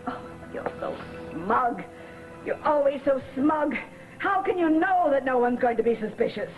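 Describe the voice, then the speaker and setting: A woman's voice: high voice, expressive, unhurried. An actress in a 1980s TV soap, scornful and frightened as she confronts a man. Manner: scornful, pleading, then insulting. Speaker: soap opera character. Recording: tinny old TV broadcast with music.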